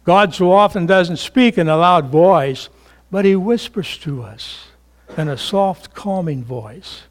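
An older man preaching a sermon as pastor, slow and emphatic, rising to fervent peaks and dropping to hushed tones. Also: high voice, animated.

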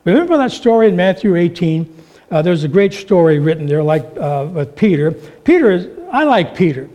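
A man preaching a sermon, telling stories with animated delivery and acting out the voices in them. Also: high voice, brisk. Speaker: pastor.

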